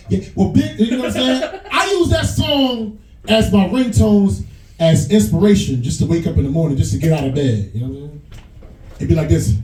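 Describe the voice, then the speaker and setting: A man with a New York accent doing a stand-up set, loose and crude, often jumping into high put-on voices. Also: fairly quick, a little mellow, reverberant, recorded from a distance, faint music behind, low-quality recording. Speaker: stand-up comedian headlining a bar. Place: small bar comedy stage.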